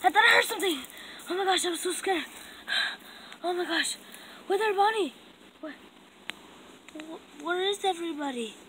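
A woman's voice: very high-pitched, moderate pace, pauses often, pushed and bright, slight background noise, low-quality recording. A woman doing a terrified, trembling captive. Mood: scared. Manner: shaky, stammering, cries out. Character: frightened captive animatronic, defiant when cornered. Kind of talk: amateur voice acting for a fan animation.

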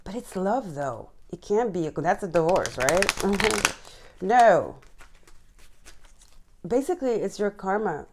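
A woman reading tarot cards to her viewers, gushing and excited, often repeating words and letting out sighs and laughs. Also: mid-range voice, slow, long pauses, a little hiss or hum. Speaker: tarot reader. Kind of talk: casual tarot reading to camera.

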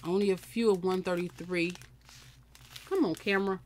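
A woman's voice: fairly low pitch, steady tone, normal speed, noisy background. A woman with chatting casually to viewers while unboxing a crafting kit. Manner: chatty, talks to viewers and camera. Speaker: crafting vlogger.

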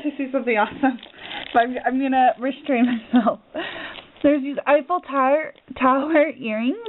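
A young woman with a high voice gushes and gasps through a package-opening vlog. Her talk bursts with excitement over each item. The sound is thin and tinny, like a phone line. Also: slight background noise. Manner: gushing, excitable, gasps often. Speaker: crafting vlogger.

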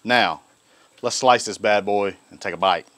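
A man hosts a casual cooking vlog, folksy and enthusiastic with Southern phrasing, as a griddle sizzles in the background. His voice is on the low side, a bit bright, and he speaks at a measured pace.

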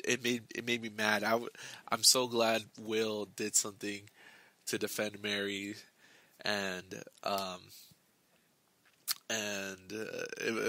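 Slow-talking young man with a bright voice. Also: fairly low pitch, no echo. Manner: rambling, halting, many restarts and fillers. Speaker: book club host. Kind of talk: casual book discussion.

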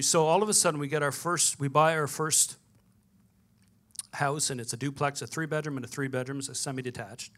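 A pastor preaching in a bright, forceful voice that sits a little high for a man. He tells his story through lively back-and-forth dialogue, acting out each exchange as he goes. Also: fairly quick. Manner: storytelling with quoted dialogue, animated. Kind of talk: sermon.

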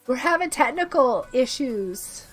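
A woman's voice: high voice, animated, measured pace, fairly bright tone, faint music behind. A woman streaming a game live and chatting casually, bubbly and giggly, sick with a cough. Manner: bubbly, giggly, reads chat aloud.

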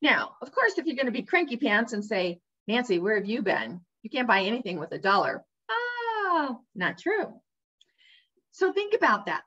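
A woman's voice: a little high, fairly bright tone. A woman speaking directly to the viewer in a motivational talk, upbeat and emphatic, coaching the listener along. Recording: dull lo-fi sound.

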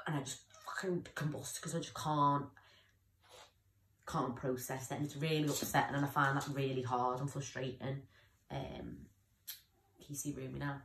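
A woman's voice: extremely low pitch, level tone, moderate pace, a bit bright, echoey room, a little hiss or hum. A young woman talking candidly in a personal vlog, rambling and often losing her train of thought. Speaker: vlogger.

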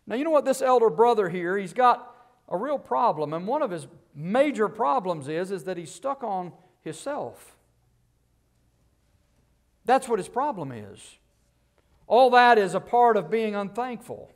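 High-voiced man preaching a sermon. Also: very animated, unhurried. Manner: preaching with rising bursts and quiet low asides, rhetorical questions. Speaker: guest preacher. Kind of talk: Baptist sermon.

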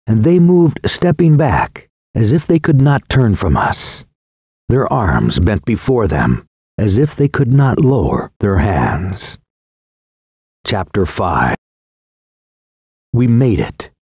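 A man narrating an audiobook in the first person with a slow, solemn and expressive reading. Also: fairly low pitch, husky, no room sound, clean studio sound.

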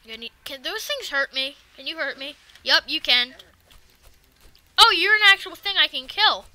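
A woman giving casual let's-play commentary, excitable and talking back to the game's enemies. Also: high-pitched, normal speed, slight background noise. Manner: excitable, swears and talks to the game enemies. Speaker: gaming video creator.

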